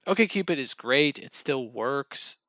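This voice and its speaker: A man's voice: medium pitch, lively intonation, slow pace, bright, forceful tone, no room sound. A young man telling casual dating stories in a rambling, self-mocking way, acting out what people said. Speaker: vlogger. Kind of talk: casual storytelling monologue.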